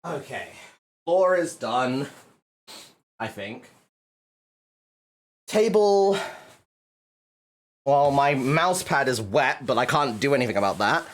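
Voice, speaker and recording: A man's voice: medium pitch, lively intonation, slow, pauses often. A male livestreamer chatting casually to his viewers, exasperated and swearing a lot as he cleans up.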